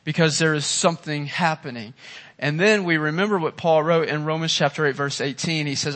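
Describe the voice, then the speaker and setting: Bright-voiced man preaching with fervor. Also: a little high, fairly quick. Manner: impassioned preaching, swings from hushed to loud; asks the congregation questions. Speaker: pastor. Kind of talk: sermon. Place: church.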